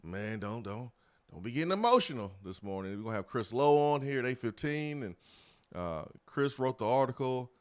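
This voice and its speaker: Earnest sports radio host. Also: male voice, mid-range voice, animated, moderate pace. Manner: earnest and moved, with repeated words. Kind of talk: morning sports talk radio.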